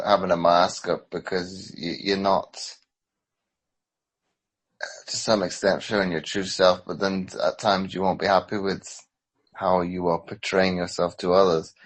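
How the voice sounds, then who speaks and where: A man's voice: deep voice, slightly rough, rough recording. A man hosting a podcast, with a hybrid British and American accent, talking hesitantly with sighs and restarts. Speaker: podcast host. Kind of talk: casual conversation.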